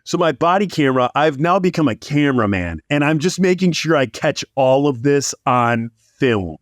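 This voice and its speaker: Animated man telling a story. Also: on the high side, normal speed, no room sound, clean studio sound. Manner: animated, rambling, lots of likes. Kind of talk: casual storytelling.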